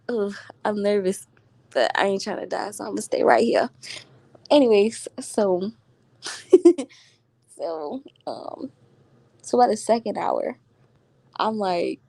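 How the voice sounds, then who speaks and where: A woman's voice: medium pitch, takes it slowly, vocal fry, long pauses, no room sound. Slangy, laughing woman telling a storytime. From Florida. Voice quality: slangy, animated, laughs often. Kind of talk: casual storytime chat. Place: at home.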